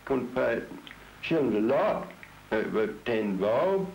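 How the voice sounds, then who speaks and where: Gravelly old Norfolk countryman. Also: mid-range voice, sing-song, takes it slowly, a little mellow. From Norfolk, England. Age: 70s. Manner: blunt, repeats himself. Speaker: interviewee, traditional folk singer. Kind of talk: plain reminiscing in conversation. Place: his own home. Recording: dull lo-fi 1962 home tape with hiss.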